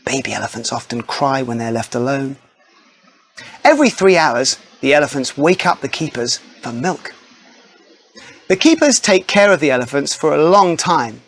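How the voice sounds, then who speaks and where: A man narrating a children's nonfiction storybook in a friendly, expressive way. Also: medium pitch, moderate pace.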